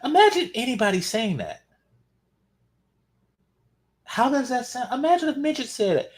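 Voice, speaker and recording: Sarcastic man with a lively voice. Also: very high voice, normal speed. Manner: sarcastic, mocking. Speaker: commentary channel host. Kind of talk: reaction commentary.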